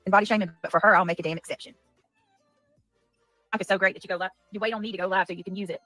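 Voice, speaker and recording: A woman's voice: mid-range voice, fairly even intonation, very fast, bright, forceful tone, no room sound, soft background music. A woman on a livestream, ranting angrily and profanely at her critics. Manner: profane, heated, rambling. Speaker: livestreamer in a played clip. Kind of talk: angry livestream rant.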